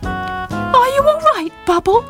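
A woman voicing Squeak, a small timid but cheeky female kitchen creature in a children's story. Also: lively intonation, slow pace, over music, exaggerated voice. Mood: anxious.

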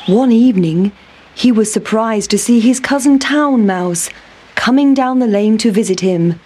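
A woman narrating a children's story in a calm, clear manner. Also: fairly high pitch, unhurried, music in the background.

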